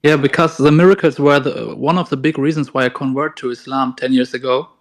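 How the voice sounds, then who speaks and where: A man's voice: mid-range voice, fairly even intonation, a little fast. A man in his twenties calling in to a live debate show, speaking hesitantly with many fillers. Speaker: caller. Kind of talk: call-in conversation.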